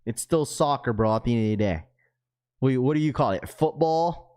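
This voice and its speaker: A man's voice: medium pitch, animated, normal speed, a little mellow, clear, resonant tone. A man hosting a livestream in casual chat, reading out viewer comments in slangy talk and laughing often. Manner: slangy, keeps saying bro, reads viewer comments aloud; laughs often, loose and joking. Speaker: livestream host.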